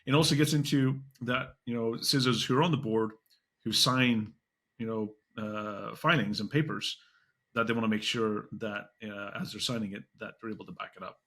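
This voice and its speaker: A man hosting a podcast interview, talking in quick, halting bursts with frequent restarts. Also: lowish voice, steady tone, a bit bright. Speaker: podcast host.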